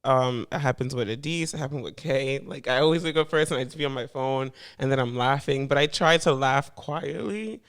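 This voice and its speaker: A man's voice: mid-range voice, a little fast, hardly any pauses, a bit bright, clean tone. A young man co-hosting a podcast, talking in a laid-back, slangy way and laughing often. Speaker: podcast co-host. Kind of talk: casual chat.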